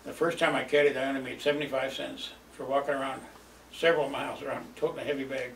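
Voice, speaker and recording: An older man with a gravelly voice rambles through old memories, chuckling between lines and filling pauses. He sits some way from the mic in a roomy space with a faint hum of ambience. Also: mid-range voice, flat delivery, fairly bright tone, recorded from a distance. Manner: rambling, chuckling, lots of fillers. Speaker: storyteller. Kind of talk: reminiscing oral history.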